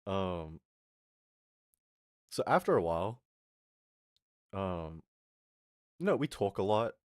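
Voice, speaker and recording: A young man rants to his stream, his low voice swinging wildly as he acts out other people's lines. The sound is dry and close, with no room around it. He swears freely and stays casual throughout. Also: slow pace, no room sound. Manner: animated, swearing, laughing, acting out quotes. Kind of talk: casual storytelling rant.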